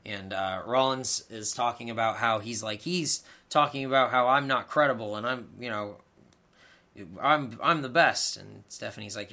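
A man's voice: medium pitch, moderate pace, creaky, pushed and bright. A man co-hosting a podcast, recapping wrestling in casual chat with sarcastic, exasperated remarks and plenty of swearing. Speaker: podcast co-host.

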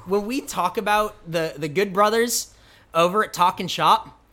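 A man's voice: high-pitched, normal speed, pushed and bright. A man co-hosting a casual podcast, talking in a rambling, profane way and laughing often. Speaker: podcast co-host.

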